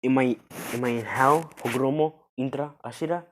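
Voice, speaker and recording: A brash, excitable young ninja hero, as a man telling the story puts him on. He blurts his lines, sometimes loud and sometimes soft, in a voice of ordinary middle pitch. It is a casual storytelling read rather than a polished performance. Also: fairly quick, a little hiss or hum, natural voice. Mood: plain.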